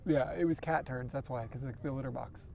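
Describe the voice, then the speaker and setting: A man's voice: mid-range voice, brisk, gravelly, a crowd in the background. Laughing man chatting outdoors. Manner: laughs often, rambling anecdotes. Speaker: livestream host. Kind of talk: casual chat. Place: outdoors, riding scooters. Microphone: wireless clip-on microphone.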